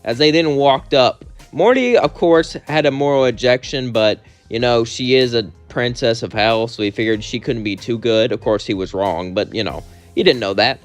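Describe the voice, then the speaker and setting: A man's voice: medium pitch, moderate pace, few pauses, soft background music. A man narrating an improvised fan story, rambling and correcting himself.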